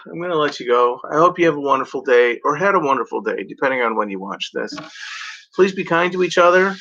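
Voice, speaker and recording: A man's voice: mid-range voice, bright, forceful tone. A man in a rambling, profane vlog rant, talking casually at home in front of a blanket. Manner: rambling, profane, mock-voices other drivers. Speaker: vlogger. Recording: dull lo-fi home recording.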